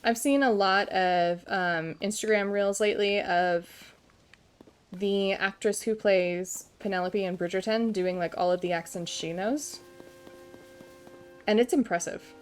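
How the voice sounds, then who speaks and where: A woman's voice: mid-range voice, a little slow, smooth, soft background music. A woman in her twenties from Kansas with an American accent, chatting casually on a live stream in a self-deprecating, giggly way. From Kansas, USA.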